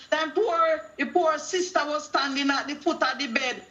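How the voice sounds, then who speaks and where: A woman's voice: sits high, steady tone, brisk, hardly any pauses, a bit bright, dull audio. A middle-aged woman with a Jamaican accent, calling in to a talk show with a preachy testimony that quotes scripture and acts out dialogue in patois. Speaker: caller.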